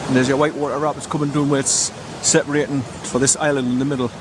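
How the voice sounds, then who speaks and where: An older man rambles cheerfully through a casual walking vlog, stopping for fillers and quick self-corrections. His voice sits at an ordinary middle pitch. A faint hum of outdoor air and passing traffic runs under him as he films by a river. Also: little pitch movement. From North East England. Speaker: vlogger. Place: outdoors by a river in a small town.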